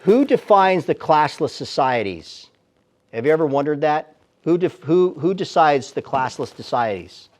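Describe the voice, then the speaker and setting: A man's voice: on the high side, expressive, normal speed. A man speaking as a Christian apologist, giving an emphatic live teaching talk in a church with rhetorical questions. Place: church sanctuary, before a live audience.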